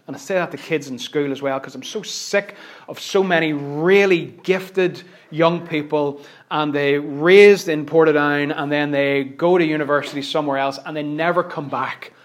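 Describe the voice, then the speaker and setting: A man with a Northern Irish accent preaching a sermon, driving points home by repeating phrases and swinging between hushed asides and loud stresses. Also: fairly high pitch, normal speed.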